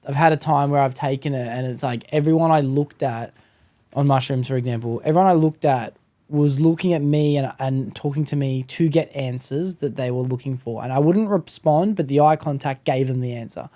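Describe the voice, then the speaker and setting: Mellow podcast host. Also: male voice, mid-range voice, fairly quick. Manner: relaxed, slangy, reflective. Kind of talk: casual chat.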